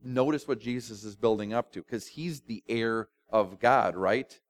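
Preaching as pastor, a man speaks in a mid-range voice, lively and conversational. His sermon is marked by dramatic pauses and the occasional aside.

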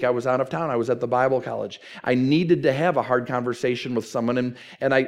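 A man's voice: mid-range voice, a little mellow. A middle-aged male pastor delivering a conversational sermon with emphatic, repeated phrasing.

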